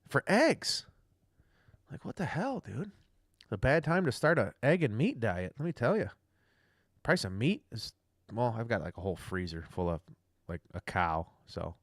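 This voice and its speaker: A man's voice: lowish voice, dry recording, clean studio sound. A young man rambling casually through a livestream rant, loose, chatty and profane. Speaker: livestream host.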